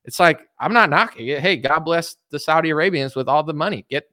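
A young man talking in a loose, rambling, sarcastic way about politics, his voice sitting a little high for a man. The sound is close and dry, with no room around it. He keeps circling back with filler words as he rants. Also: a little fast, pushed and bright, dry recording. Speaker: political commentary host. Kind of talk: casual political rant.

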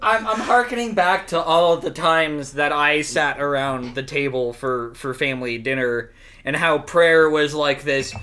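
A man's voice: on the high side, measured pace, bright, forceful tone, a little hiss or hum. A man co-hosting a comedy podcast, chatting in a dry, wry way. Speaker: podcast co-host. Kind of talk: casual comedic chat.

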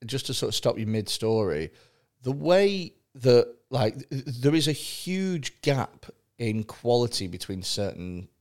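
A man's voice: medium pitch, very animated, unhurried, darkish tone. A man in casual podcast chat who tells blunt, sweary, jokey stories.

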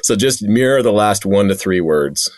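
A man's voice: fairly low pitch, animated, no room sound. A man hosting a podcast interview, upbeat and affirming, recapping what his guest says. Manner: upbeat, affirming, quick to laugh. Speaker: podcast host. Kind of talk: casual interview talk.

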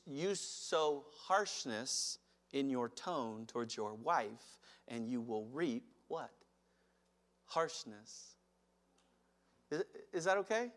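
A man preaching a sermon as pastor, animated, acting out quotes and chuckling as he speaks. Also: a little high.

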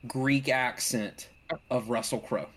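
A man in a relaxed movie talk, full of stops, restarts and emphatic asides. His pitch sits in the middle of the male range, and his words tumble out in bursts when he gets going. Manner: halting, restarts often, emphatic. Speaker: podcast host. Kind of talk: casual movie review chat.

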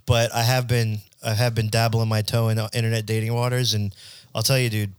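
A man's voice: fairly low pitch, little pitch movement, a little fast, clean tone, no echo, studio quality. Rambling young man telling bar stories. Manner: rambling storyteller, crude jokey banter. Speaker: podcast host. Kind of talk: casual chat.

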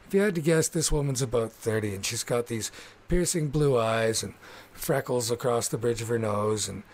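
A man's voice: medium pitch, moderate pace, a little mellow. A man narrating a tabletop game as game master, descriptive and rambling with fillers.

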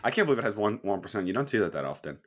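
A young man in his twenties co-hosting a casual podcast, animated and playful, quick to laugh. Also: lowish voice. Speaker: podcast co-host. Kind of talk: casual chat.

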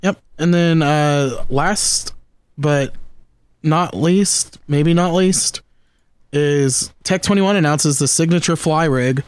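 A man hosts a casual gear chat, talking in a fairly high voice. He rambles and restarts often, and his excitement keeps spilling over. The sound is dry and close, with no room around it. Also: takes it slowly, clean tone, dry recording. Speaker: podcast host.

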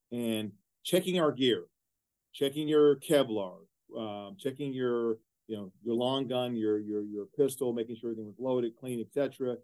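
A man's voice: mid-range voice, darkish tone. Earnest, rambling male interview guest. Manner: earnest and discursive, with many fillers and repeated words. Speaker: guest, university executive. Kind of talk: conversational interview answers.

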